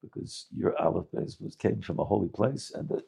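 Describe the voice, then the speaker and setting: A man telling a Hasidic story with a moral, halting often to restart, with Yiddish words mixed in. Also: fairly low pitch, lively intonation, gravelly, dark tone, slightly rough. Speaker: storyteller and preacher.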